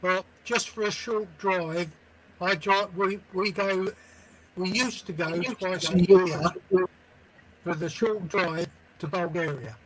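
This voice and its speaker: Guy on a call, stop-start talk, voice on the higher side, crowd noise behind him. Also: poor audio. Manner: halting, repeats himself. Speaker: guest on a video-chat livestream. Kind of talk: casual chat. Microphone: video call, mic level trouble.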